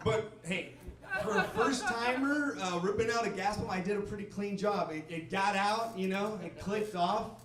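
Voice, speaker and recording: On a comedy club stage, a male comic rambles through a profane set, laughing and chatting with the crowd. His high voice runs at normal speed, caught from a distance in an echoey room with background noise.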